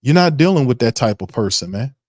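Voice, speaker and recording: A man's voice: medium pitch, big pitch swings, fairly quick, a little mellow, no room sound. Brief: New man, sports stream host, heated profane rant, dry close sound. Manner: fired-up, ranting, profane, mocking impressions.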